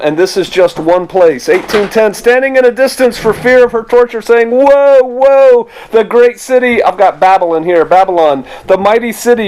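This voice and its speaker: The audio is poor as a middle-aged pastor preaches a loose, conversational sermon packed with rhetorical asides and restarts. For a man, his voice sits a little high.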